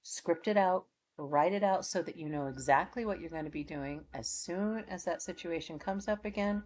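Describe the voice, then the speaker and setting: A middle-aged woman closing an oracle card reading from home, speaking in gentle, affirming, repetitive blessings. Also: on the low side, normal speed. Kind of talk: spiritual channel closing talk.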